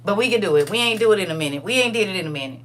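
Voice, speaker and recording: A woman's voice: medium pitch, animated, very fast, fairly bright tone. An older woman hosting a casual livestream. She chats with her viewers, reads their comments aloud, and repeats phrases for emphasis. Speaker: livestream host.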